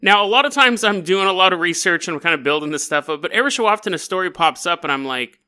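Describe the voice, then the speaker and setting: A man's voice: high-pitched, lively intonation, fast talker, sharp tone, clear, resonant tone. A man hosting a podcast, telling stories in a chatty, joking way and laughing often. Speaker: podcast host. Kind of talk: casual storytelling podcast.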